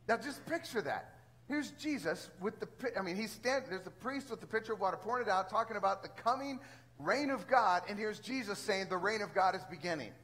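A man preaching a sermon as a pastor, talking in a conversational, animated way with frequent restarts. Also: high-pitched, poor audio.

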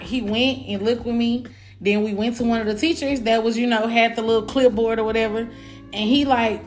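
Animated woman telling a story. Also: a little high, moderate pace, faint music behind. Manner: animated, profane and frank. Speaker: vlogger. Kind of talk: casual storytime.

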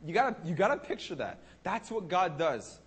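A man preaching a sermon to a congregation, animated and dramatic, acting out the words of God and the Israelites. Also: high voice, moderate pace. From Canada. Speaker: pastor.

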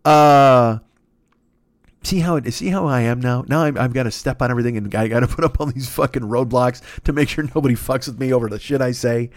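A man's voice: medium pitch, brisk, no room sound, studio quality. A man hosting his own podcast alone, ranting profanely and rambling, often laughing at his own jokes. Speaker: podcast host. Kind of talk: solo comedic rant.

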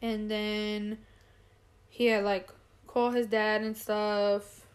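A young woman chatting casually, telling a story with lots of laughter, cursing and high-pitched quoted voices. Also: level tone, slow pace. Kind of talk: casual chat.

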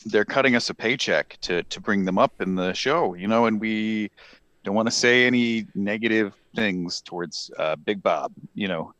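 A man co-hosting a comedy podcast, rambling through sponsor reads with a deadpan manner and lots of fillers. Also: on the low side, moderate pace, dry recording. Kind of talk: improvised comedy podcast banter.

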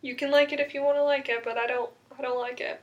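A woman's voice: sits high, level tone, fast, muffled recording. A young woman chatting casually, recapping a TV episode and acting out quotes with sarcasm.

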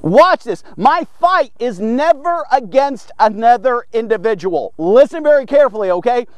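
A man with a strikingly high voice delivers a devotional sermon. The sound is dry and close, with no room around it. He preaches emphatically and keeps stopping to check in with his listeners. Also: big pitch swings, moderate pace, darkish tone, no echo.

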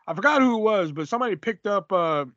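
A man co-hosting a podcast, chatting casually and profanely about wrestling, rambling and animated. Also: high-pitched, fast, no echo, muffled recording. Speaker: podcast co-host. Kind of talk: casual wrestling review chat.

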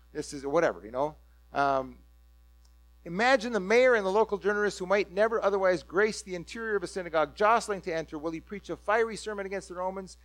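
A preacher with a voice high for a man tells his sermon as an animated story, bursting into excitement as he voices the crowd's reactions. The sound is dry and close with no room sound, and a low mains hum runs underneath.

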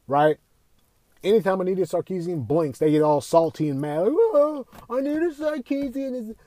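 Young dude on a podcast, heated rant, tons of swearing, higher voice. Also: male voice, dark tone, no echo. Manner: heated, swearing, repeats himself, rhetorical questions. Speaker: podcast host. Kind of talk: profane opinion rant.

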